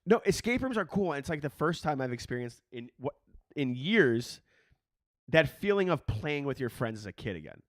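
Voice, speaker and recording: A man co-hosting a podcast in a studio, excitable and rambling, laughing often as he talks. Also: medium pitch, moderate pace, no room sound. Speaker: podcast co-host. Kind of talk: casual comedic chat.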